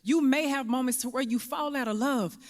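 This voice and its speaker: A man's voice: very high-pitched, brisk, big-room sound. A man on a podcast panel, making his point in a firm, preachy way. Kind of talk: podcast discussion.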